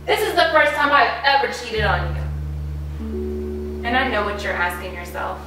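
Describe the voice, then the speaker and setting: A woman's voice: a little high, expressive, moderate pace, natural voice. An actress playing a wife who coldly and defiantly confronts her cheating, abusive husband in an indie film drama. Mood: icy. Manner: cold, defiant and cutting. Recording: roomy echo, voice from a distance, faint music.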